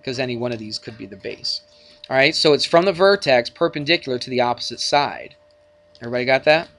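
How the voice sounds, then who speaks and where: A male math teacher giving a lesson in his classroom, at an ordinary middle pitch. He is chatty and jokey and trades playful remarks with his students as he works through problems. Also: fast talker, creaky, fairly bright tone. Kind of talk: classroom lecture.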